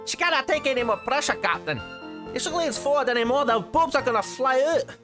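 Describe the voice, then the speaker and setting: A man's voice: very high-pitched, lively intonation, a little fast, over music, pitched above the performer's own voice. A man putting on the voice of a panicked Scottish starship engineer. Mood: alarmed.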